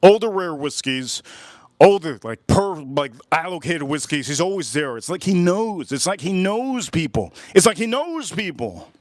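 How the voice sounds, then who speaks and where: Chatty man with a slightly high voice. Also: very animated, moderate pace, dry recording, clean studio sound. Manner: repeats phrases and retells dialogue with "he goes, I go"; chatty and loose, with restarts and self-corrections. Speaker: livestream host. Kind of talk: casual storytelling on a livestream.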